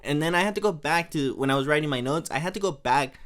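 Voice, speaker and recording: A young man hosting a podcast, casually recapping an episode, chatty and laughing often, briefly acting out lines in quick voices. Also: a little high, fairly bright tone. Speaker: podcast host.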